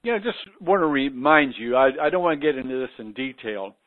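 A man speaking as a guest on a radio talk show, deliberate, with many hesitations. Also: medium pitch, animated, no echo. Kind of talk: conversational commentary. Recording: dry, narrow phone-like radio sound.

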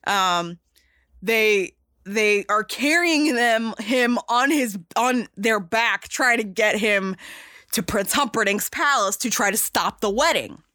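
A young woman casually retelling a movie plot, chatty and excitable, swearing and acting out quotes. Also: a little high, takes it slowly, no echo, clean studio sound.

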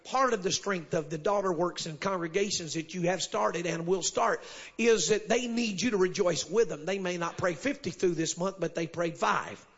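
A man preaching a sermon to a congregation, dropping frequent amens and rising to shouted refrains. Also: high-pitched, normal speed, breathy edge, muffled recording. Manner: builds to shouted call-and-response, sprinkles amen. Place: church service with congregation.

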